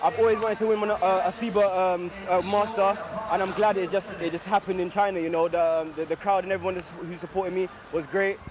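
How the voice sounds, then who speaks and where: A young man from the UK, a dunk contest winner giving a halting, grateful post-win interview full of fillers. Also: sits high, fairly even intonation. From United Kingdom. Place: outdoor arena with cheering crowd. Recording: loud crowd noise.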